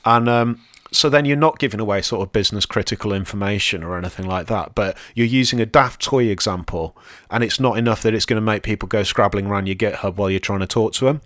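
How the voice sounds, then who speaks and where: A man talking casually on a podcast, rambling and self-deprecating, with lots of ums. His voice sits fairly low, and the recording is close and dry with no room sound. He talks easily, as if among friends. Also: fast, hardly any pauses, fairly bright tone, dry recording. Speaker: podcast co-host and conference speaker.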